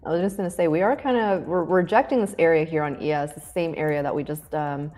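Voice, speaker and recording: Low-voiced woman chatting on a live stream. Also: quick pace, dark tone. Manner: chatty, laughs easily, thinks aloud with fillers. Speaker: co-host of a live trading stream. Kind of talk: casual live-stream chat about futures trading.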